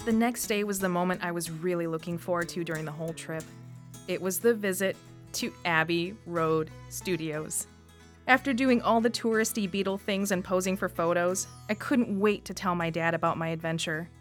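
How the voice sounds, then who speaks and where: A woman from Wisconsin with a Northeast Wisconsin accent, reading her own personal radio essay in a lively first-person telling. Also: on the low side, moderate pace, faint music behind. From Wisconsin, USA. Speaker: storyteller.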